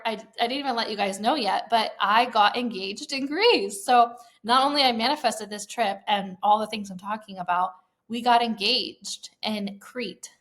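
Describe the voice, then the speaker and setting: A woman in her thirties talks through her own story on a solo podcast. Her voice sits at a middling pitch, and she sounds enthusiastic and heartfelt, dropping casual fillers as she goes. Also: fairly bright tone. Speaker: podcast host. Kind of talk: personal storytelling monologue.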